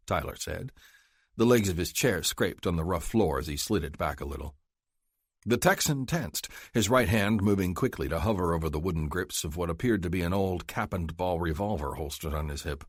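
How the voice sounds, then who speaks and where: Deep male narrator reading a western novel, measured, dry close sound. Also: expressive, no room sound. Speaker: audiobook narrator. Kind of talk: scripted narration.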